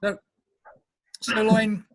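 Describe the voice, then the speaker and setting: His high, fairly bright voice is completely flat, with drawn-out words, recorded dry. A South African home cook, he chats through a casual cooking demo on a video call, going step by step and eating while he speaks.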